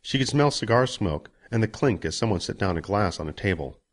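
A man narrating a story as an audiobook, expressive and giving each character a voice. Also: fairly low pitch, brisk.

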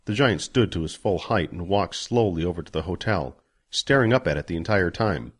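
Guy reading an audiobook, low voice, really animated, does all the voices. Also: normal speed, slightly rough. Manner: expressive, voices characters. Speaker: narrator. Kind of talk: audiobook narration.

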